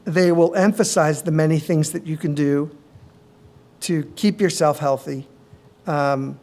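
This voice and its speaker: Middle-aged doctor guy giving a talk in a conference room, measured, keeps saying uh. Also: fairly high pitch, fairly even intonation, a little mellow. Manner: measured, many ums and uhs. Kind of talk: conference presentation.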